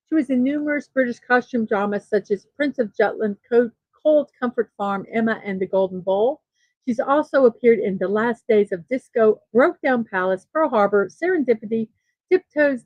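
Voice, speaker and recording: A chatty woman hosts a casual morning show, reading birthday lists with self-deprecating asides. Her voice sits a bit high. The sound is dry and a little dull, like a lo-fi home recording. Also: dry recording. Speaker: host of a daily morning show. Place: East Coast of the United States.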